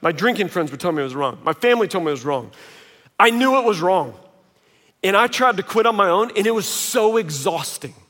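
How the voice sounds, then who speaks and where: Male pastor, high-pitched, casual and joking from the pulpit, recorded in a big reverberant auditorium. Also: brisk. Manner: conversational, self-mocking, animated quoting. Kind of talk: sermon. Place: large auditorium. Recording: long reverb of a large hall.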